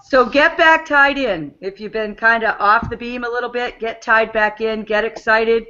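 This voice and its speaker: A woman's voice: fairly high pitch, moderate pace, bright, forceful tone, lo-fi sound. A woman with a New England accent hosting a team call, upbeat and encouraging. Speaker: host.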